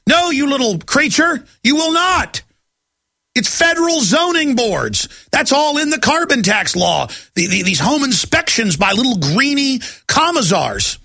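A man's voice: very high-pitched, very animated, a little slow, bright, forceful tone, no room sound. A middle-aged man hosting a talk radio show, ranting in a heated, agitated monologue.

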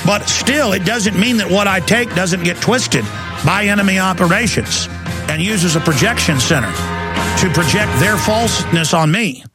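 A Texan man in his forties hosts a political talk radio show, ranting and telling stories with intense, rambling emphasis. His high voice is expressive at a normal speed, recorded in a dry studio with faint music.

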